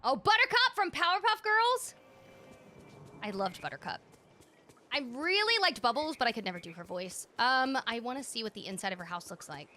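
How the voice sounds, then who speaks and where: A woman streaming a video game, chatting candidly with viewers in a casual, animated way. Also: on the high side, brisk, faint music behind. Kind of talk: casual gaming livestream chat.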